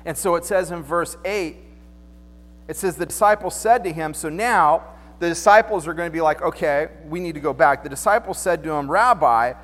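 A man's voice: on the high side, moderate pace, a bit bright, big-room sound. A man preaching a sermon as pastor, in a conversational, joking way, acting out the people he quotes.

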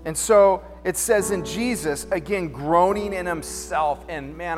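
A man's voice: sits high, moderate pace, hardly any pauses. A man preaching a sermon in a church, talking in a loose, conversational way and throwing out rhetorical questions. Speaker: pastor. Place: church sanctuary. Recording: long hall reverb, faint music behind.

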